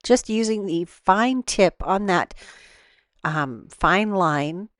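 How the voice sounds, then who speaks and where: A woman hosting a card-making tutorial, explaining each step in a relaxed way with small fillers. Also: mid-range voice, slow, no room sound, studio quality. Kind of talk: voice-over craft tutorial.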